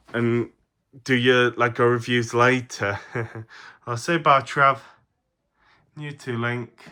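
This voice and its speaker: A man's voice: medium pitch, pushed and bright. Rambling English man with a cold. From England. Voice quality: rambling, laughs often, many fillers. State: has a cold. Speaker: toy reviewer. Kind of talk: casual toy review.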